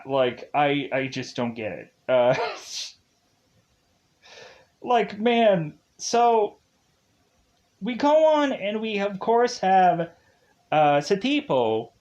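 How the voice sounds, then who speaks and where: A man with a fairly high voice rambles through a casual film review. He speaks slowly, leans on fillers like "uh" and "of course", and chuckles at his own asides. The delivery is loose and unscripted. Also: sing-song, lo-fi sound.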